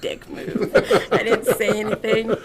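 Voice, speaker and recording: A woman's voice: fairly high pitch, unhurried, background noise. A woman in her fifties, a podcast guest telling a funny story and acting out other people's lines. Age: 50s. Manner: animated storyteller, acts out others' lines, laughs often. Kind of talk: casual storytelling.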